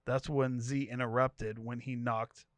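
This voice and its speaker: A man's voice: medium pitch, a little slow, no echo. A podcast co-host reading a wild tweet thread aloud, laughing as he goes and giving each character's lines a voice. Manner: animated storytelling, laughing between lines.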